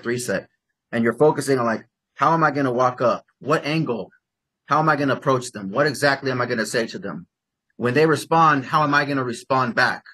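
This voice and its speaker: A man coaching a client on dating, talking in a rambling, animated way full of "like" and acting out example lines. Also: breathy edge. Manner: acts out example lines in bursts of higher pitch. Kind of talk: casual coaching session.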